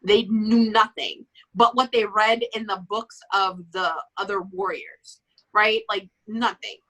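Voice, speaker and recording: A woman's voice: medium pitch, steady tone, unhurried, a bit bright. A woman co-hosting a casual book club chat, ranting emphatically and swearing often.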